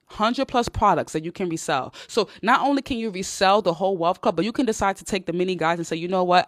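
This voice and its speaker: A woman's voice: mid-range voice, a bit bright, dry recording, clean studio sound. A woman from Nigeria, an online business coach, giving a blunt, casual pep talk. She swears and repeats lines for emphasis.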